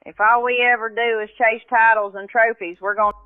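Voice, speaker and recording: Brief: AI voice doing a grainy, folksy drawl, flat pitch, dry and tinny. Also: a little fast, clear, resonant tone, no echo, lightly acted.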